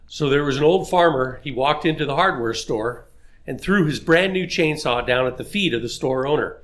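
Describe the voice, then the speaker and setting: A man's voice: mid-range voice, normal speed, a bit bright. A man on a casual podcast telling a story joke and acting out the characters' lines. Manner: storytelling, acts out dialogue. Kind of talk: casual chat.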